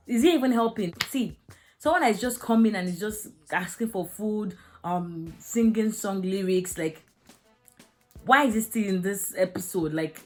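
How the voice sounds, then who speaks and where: A young woman reviewing a drama episode, talking frankly and emotionally with many fillers. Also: mid-range voice. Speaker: series reviewer. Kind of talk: casual video review.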